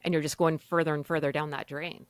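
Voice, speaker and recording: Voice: medium pitch, level tone, quick pace, clear, resonant tone, no room sound. A podcast host speaking to parents in an emphatic, conversational way.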